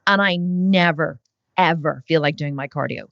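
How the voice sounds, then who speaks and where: A woman's voice: sits low, moderate pace, gravelly, fairly bright tone, no echo, dull audio. A woman hosting a podcast, talking casually and bluntly, swearing freely and acting out other people's voices, sitting in bed at home. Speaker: podcast host. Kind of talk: casual conversation.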